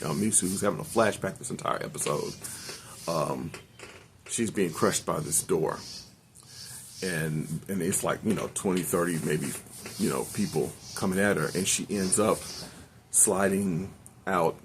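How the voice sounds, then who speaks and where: A man's voice: deep voice, slight background noise. An older man casually recapping an anime episode, rambling with many ums and self-corrections. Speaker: anime reviewer.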